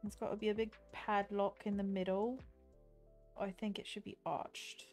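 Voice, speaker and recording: With faint music in the background, this art streamer talks at a moderate pace in a medium-pitched, slightly mellow voice that barely moves in pitch. She chats playfully as she draws and reads viewers' messages aloud.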